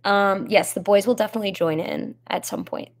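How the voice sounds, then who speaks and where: Giggly young woman with a gravelly voice. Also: mid-range voice, fairly quick. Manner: giggly, rambling, with many ums. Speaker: singer in a band, hosting a live chat. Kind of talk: casual live-stream chat reading comments. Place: home in Nashville.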